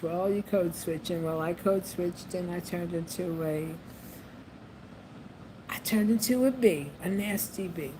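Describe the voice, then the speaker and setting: Woman vlogger, lowish voice, chatty and repetitive, noisy room tone. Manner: chatty, repeats phrases, frequent ums. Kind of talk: casual monologue to camera. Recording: noisy background ambience.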